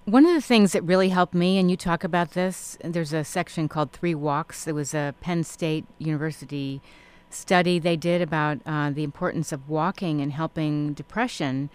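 A woman hosting a talk show, interviewing a guest with encouraging remarks and quick affirmations. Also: low voice, darkish tone, smooth. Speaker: show host.

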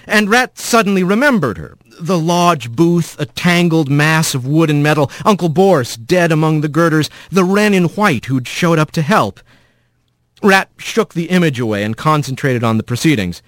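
A man narrating an animal courtroom story in an expressive audiobook style. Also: fairly high pitch, normal speed, no echo, studio quality.

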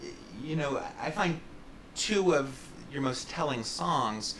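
Bright-voiced earnest radio host, a man. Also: fairly high pitch, animated, slow, slight background noise, poor audio. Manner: thoughtful, earnest questioning. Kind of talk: radio interview.

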